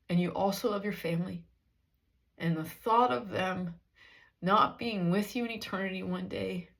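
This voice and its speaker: A woman preaches a sermon in an earnest, conversational manner, often turning to rhetorical questions. Her voice sits at an ordinary middle pitch for a woman. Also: vocal fry.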